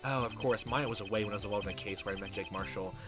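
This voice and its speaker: A man's voice: lowish voice, racing. A man playing a fan-made game and commenting, rambling and joking with the odd swear. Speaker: let's player. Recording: game music playing behind.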